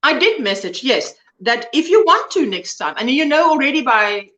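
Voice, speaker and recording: A woman's voice: high-pitched, sing-song, normal speed, fairly bright tone, roomy sound. A woman hosting a casual crochet livestream, chatting and reading viewer comments aloud while she works. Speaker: livestream host.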